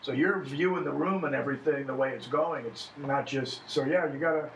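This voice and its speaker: A man's voice: medium pitch, fairly quick, background noise. A man, a stand-up comedian, chatting casually with other comics, rambling and acting out lines he quotes. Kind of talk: casual chat among comedians. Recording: echoey room, mic at a distance.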